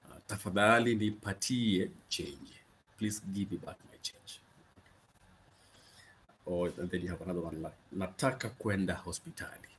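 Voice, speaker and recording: A man teaching useful phrases in a casual lesson, patiently repeating each one slowly and checking in with frequent okays. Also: low-pitched, fairly bright tone, a little hiss or hum. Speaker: Swahili language teacher. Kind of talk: casual spoken language lesson.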